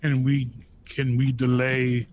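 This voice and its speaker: A man's voice: mid-range voice, monotone, slow, darkish tone, slight background noise. A man playing a tabletop game who makes blunt, short remarks. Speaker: player. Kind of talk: casual tabletop play.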